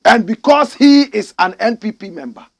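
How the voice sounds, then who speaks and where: A man's voice: high-pitched, animated, normal speed, vocal fry. A Ghanaian man giving impassioned political commentary, indignant and full of rhetorical questions, calling listeners his brothers and sisters.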